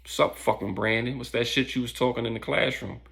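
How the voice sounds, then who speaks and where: A man's voice: mid-range voice, fairly even intonation, brisk, vocal fry, fairly bright tone. Man voicing a menacing school bully. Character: threatening teen school bully.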